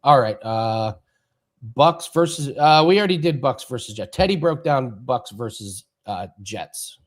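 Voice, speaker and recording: A man's voice: medium pitch, expressive, a little slow. A man co-hosting a sports betting show, telling a rambling story in casual chat and then breaking down games. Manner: rambling storyteller, laughs through anecdotes.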